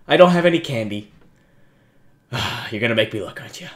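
A young man giving jokey, self-mocking let's-play commentary on a horror game, yelping and shouting at the scares. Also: mid-range voice, animated, brisk. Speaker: gaming YouTuber.

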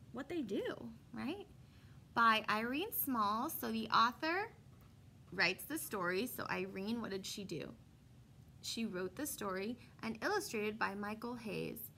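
A woman's voice: fairly high pitch, creaky, sharp tone, slight background noise. A young woman, a kindergarten teacher, reading a picture book aloud to young children, asking them questions and answering them herself, with chatty asides. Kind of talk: read-aloud story lesson for young children.

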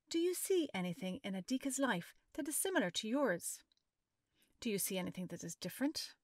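Expressive woman reading a story. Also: mid-range voice, brisk, no echo, studio quality. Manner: expressive, asks the listener questions. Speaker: storyteller and maths educator. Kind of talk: reading a children's picture book aloud.

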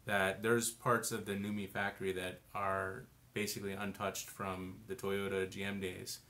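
A man co-hosting a casual live-stream discussion, thinking aloud in a relaxed way with lots of "you know" and "like". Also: deep voice, normal speed. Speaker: co-host.

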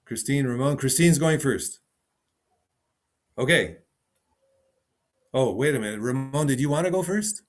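A man's voice: medium pitch, lively intonation, unhurried, pauses often. A man teaching a piano lesson over a video call, thinking aloud and repeating short phrases as he demonstrates. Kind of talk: online teaching session.

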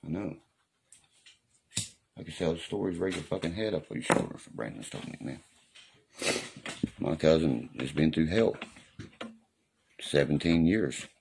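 A man's voice: very deep voice, expressive, a little slow, vocal fry, pauses often, noisy background. A man talking casually on a live stream in a rambling, profane way, often asking if you know what he means. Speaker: livestreamer. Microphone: phone or webcam on a live stream.

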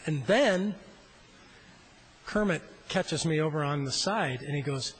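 A middle-aged male senator speaks at a floor microphone in a legislative chamber. His voice sits a little high and sounds husky. He tells a rambling, self-deprecating story. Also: expressive, unhurried, pauses often, low-quality recording. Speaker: state senator.

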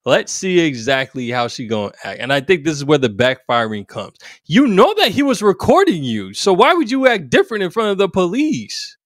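Reaction host, male, lively swinging pitch, dry mic. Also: normal speed, hardly any pauses, no room sound. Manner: animated, exclaims loudly, slangy. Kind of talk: reaction commentary.

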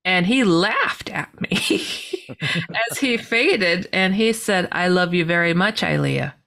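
A middle-aged woman, a podcast guest, telling a personal story with animated delivery, acting out her own past lines with big pitch jumps and laughter. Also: slow, gravelly.

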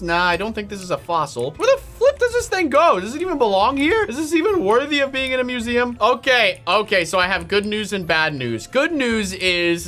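Excitable male gaming host; very animated pitch, bright tone, faint music underneath. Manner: excitable, exclaims and laughs often. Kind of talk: playful gameplay commentary.

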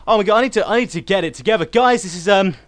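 A young man with a high voice rattles through live gameplay commentary. He is excitable and rambling, chatting to his viewers and calling to a teammate as he plays. A faint hiss sits under his voice. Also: racing. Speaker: gaming channel host. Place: home.

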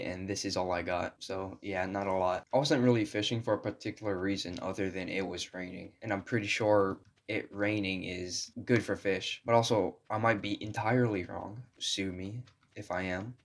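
A young man giving casual gameplay commentary, sarcastic and profane, talking to himself with a strained voice. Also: fairly low pitch. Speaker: gaming video creator.

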